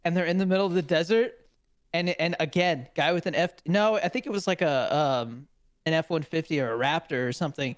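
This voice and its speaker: Fairly high in pitch and talking a little fast, a male podcast co-host spins animated stories full of laughter, acting out people's words. The audio is dry with clean studio sound.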